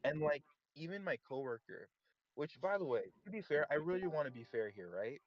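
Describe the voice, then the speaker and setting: A man's voice: fairly high pitch, sing-song, brisk. A young man on a voice call, telling a long, rambling story in casual chat and filling it with "like". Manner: rambling storyteller, heavy filler "like". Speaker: caller on voice chat. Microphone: voice chat mic. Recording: dull lo-fi voice chat.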